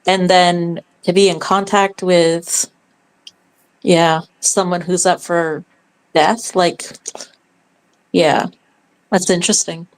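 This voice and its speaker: A woman's voice: fairly low pitch, level tone, slow pace, long pauses, low-quality recording. A woman calling in to a casual show, thinking aloud in a curious, musing way. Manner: thoughtful, wondering aloud with light laughs. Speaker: caller. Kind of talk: casual call-in chat.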